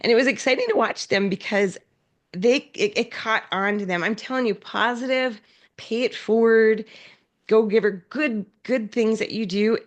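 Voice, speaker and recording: A woman's voice: on the high side, moderate pace. A woman giving a conference talk, telling stories with lots of energy, acting out the people she quotes, with frequent fillers and restarts. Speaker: conference speaker. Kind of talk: storytelling keynote talk.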